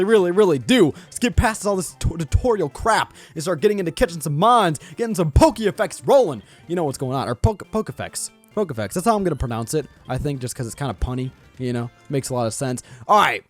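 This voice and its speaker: Lively, joking man doing game commentary. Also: fairly high pitch, quick pace, few pauses, soft background music. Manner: excitable and joking, laughs often. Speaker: gaming channel host. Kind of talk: casual gameplay commentary.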